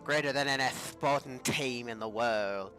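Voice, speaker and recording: A man's voice: mid-range voice, normal speed, bright, forceful tone, soft background music, natural voice. A man voicing a boastful heavyset male wrestler who cuts a promo in a swaggering drawl, calling everyone baby, in a tabletop role-play.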